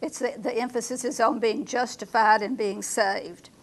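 A woman leading a Bible study class, reading verses slowly and asking her group questions. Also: fairly high pitch, fairly even intonation.

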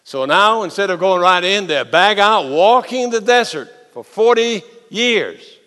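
A bright, ringing male voice, preaching a sermon in a big church hall. He acts out the story, climbing loud and high, then dropping to a near hush. A long reverb trails each phrase. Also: a little slow. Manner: animated storytelling, swings from loud to hushed. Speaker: pastor.

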